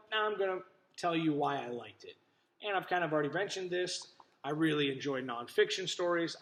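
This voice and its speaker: A male teacher giving a video lesson to young children, speaking in a clear, friendly voice straight to the camera. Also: a little high, fairly bright tone, low-quality recording. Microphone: camera in front of him.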